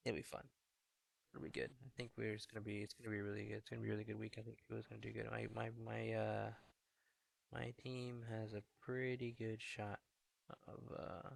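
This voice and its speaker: A young man chats casually to stream viewers about his fantasy team. His voice sits low and gravelly with a flat, even tune. He keeps it hushed, half-whispering so as not to carry down the hallway. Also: a little fast, no echo. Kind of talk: casual live-stream chat. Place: indoor hallway.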